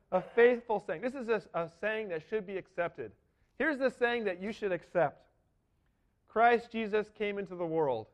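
A man's voice: high voice, dull audio. A man giving an earnest, emphatic sermon as a first-person dramatic monologue. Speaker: preacher.

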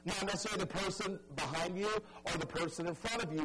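A man preaching a sermon, telling a story dramatically and pleading earnestly with his listeners, dropping soft and stretching key words for emphasis. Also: high voice, fast talker, few pauses, poor audio. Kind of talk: evangelistic sermon.

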